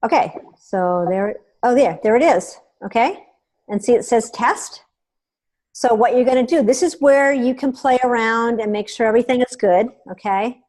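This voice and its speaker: A woman hosting a meeting, giving a chatty hands-on software tutorial and often checking in with her listeners. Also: on the high side, moderate pace. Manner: chatty and instructive, checks in with "okay?". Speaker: meeting host.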